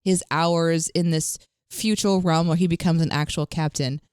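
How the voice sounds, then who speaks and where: A woman's voice: lowish voice, steady tone, moderate pace, darkish tone, clear, resonant tone, no echo, studio quality. A woman co-hosting a podcast in casual chat, laughing often and talking to listeners, with a morning voice. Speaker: podcast co-host.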